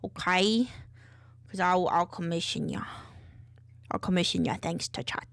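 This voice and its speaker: A woman streamer in a casual, low-key chat, rambling and distracted as she reads chat aloud between tasks. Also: unhurried, vocal fry, dry recording, studio quality. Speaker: VTuber streamer.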